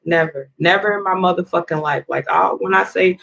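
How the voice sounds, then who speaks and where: A furious woman vents to camera in a heavy-swearing rant that rambles and restarts. Her voice is gravelly and full of fry. The recording sounds dull and lo-fi. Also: fairly low pitch, a little fast, hardly any pauses, a bit bright. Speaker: vlogger. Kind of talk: angry profane rant to camera.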